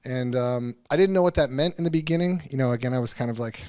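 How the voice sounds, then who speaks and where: Brief: male podcast guest, middle pitch, candid and earnest storytelling, halting restarts, casual swearing. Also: darkish tone. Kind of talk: personal storytelling in a podcast interview.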